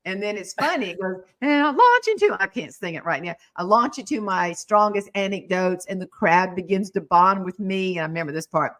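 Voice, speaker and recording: A middle-aged woman hosting a casual chat, telling lively stories and breaking into bits of song. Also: fairly low pitch, fairly quick, hardly any pauses. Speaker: talk show host.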